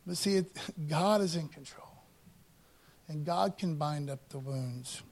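A man preaching a sermon in a casual, conversational way, often adding "man" and "you know" and slowing down to read scripture with emphasis. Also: on the high side, darkish tone. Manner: reads scripture slowly and emphatically. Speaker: pastor.

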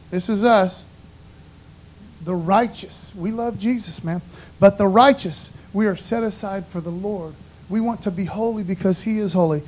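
Preaching casually and conversationally, this man has a high-pitched voice with a darkish tone and a moderate pace. His folksy sermon is full of "man" and "you know," and the audio is poor.

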